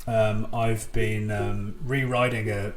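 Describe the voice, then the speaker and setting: A man's voice: on the low side, level tone, slow, slight background noise. A man as a podcast guest, telling a story loosely, with swearing and laughter. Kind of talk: casual storytelling. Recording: roomy sound with crowd chatter.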